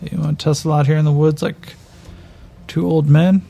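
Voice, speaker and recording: A man's voice: a little high, little pitch movement, moderate pace, vocal fry, mellow, voice pushed up. A man voicing a wounded older man who talks in a weary, dry, mocking way. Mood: wry. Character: wounded older man, coughing, grimly wry.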